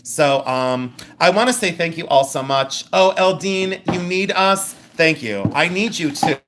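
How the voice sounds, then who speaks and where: A woman's voice: fairly low pitch, expressive, measured pace, a bit bright. Chatty woman selling jewelry live. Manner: rambling, chatty, thinks aloud. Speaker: live-stream jewelry seller. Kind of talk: live sales stream chat.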